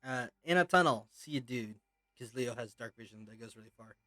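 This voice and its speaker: A man's voice: medium pitch, lively intonation, a little fast, bright, forceful tone, no echo. A man running a tabletop game as game master, describing scenes in a loose, meandering way.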